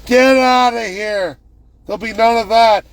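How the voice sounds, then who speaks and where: A man putting on the voice of an arrogant male government official, contemptuous and shouting. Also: extremely high pitch, pitched above the performer's own voice. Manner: contemptuous, shouting, drawn-out sneer.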